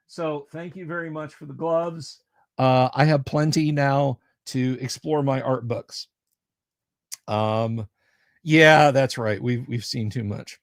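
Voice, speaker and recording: A man's voice: medium pitch, unhurried, no room sound, clean studio sound. A man hosting a casual livestream, chatting with viewers in a rambling, jokey way. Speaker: livestream host.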